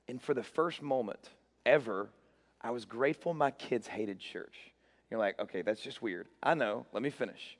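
A man's voice: mid-range voice, expressive, brisk. A middle-aged man preaching as a pastor, telling stories with acted-out quotes and self-mocking humor. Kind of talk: sermon. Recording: long hall reverb.

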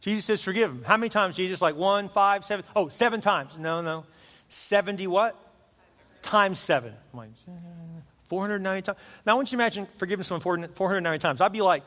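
A high-voiced man delivers an animated sermon, slipping into playful character voices as he tells stories. His words ring out with a long reverb that fills a large hall. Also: quick pace. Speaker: pastor.

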